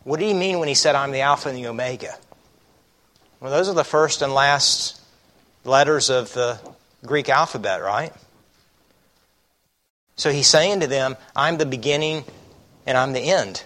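A pastor delivers an earnest sermon in a bright, forward voice at an ordinary male pitch, speaking at a moderate pace with long pauses. He leans on rhetorical questions and reads scripture aloud with emphasis.

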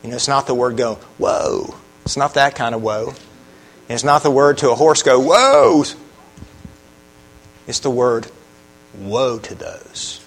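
A man's voice: medium pitch, steady tone, brisk, low-quality recording. A man preaching a sermon, earnest, often putting questions to the congregation. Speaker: pastor.

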